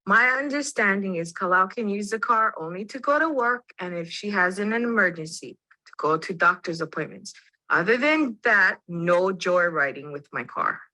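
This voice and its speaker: Woman acting out a family fight for a demo, bright clear voice, earnest, dry sound. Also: mid-range voice, expressive, normal speed, no room sound, low-quality recording. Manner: plain, earnest answers. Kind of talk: acting out a family conflict in a demonstration.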